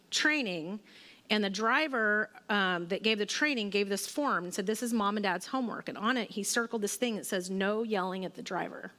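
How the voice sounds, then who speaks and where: A woman's voice: medium pitch, fairly bright tone. A woman in her forties giving a church teaching talk to women, conversational and relatable, with personal stories and fillers. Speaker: women's ministry speaker. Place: church hall. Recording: long hall reverb.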